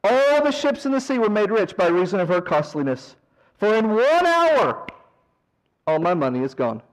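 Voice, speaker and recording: A man's voice: high voice, very animated, normal speed, rough recording. A man putting on a self-pitying worldly mourner who wails melodramatically over lost riches. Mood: lamenting. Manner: whiny, melodramatic.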